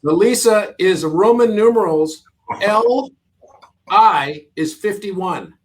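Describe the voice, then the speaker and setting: High-pitched man explaining eagerly. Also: lively intonation, takes it slowly. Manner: explains number patterns eagerly, with laughs and emphatic repeats. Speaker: podcast guest. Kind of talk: casual conversation.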